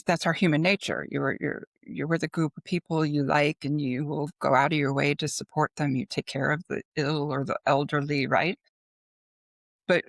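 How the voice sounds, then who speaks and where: A woman's voice: sits low, vocal fry, no room sound, studio quality. A middle-aged woman talking casually as a podcast guest, chatty and full of fillers, acting out anecdotes as she goes. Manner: chatty, filler-heavy, animated retelling of anecdotes. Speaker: podcast guest, business consultant. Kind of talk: casual interview conversation.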